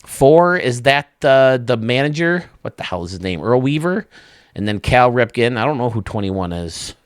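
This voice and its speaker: A man's voice: medium pitch, sing-song, moderate pace, smooth, no room sound, clean studio sound. A man hosting a video game channel, casually commenting with enthusiasm, rambling a bit and laughing often.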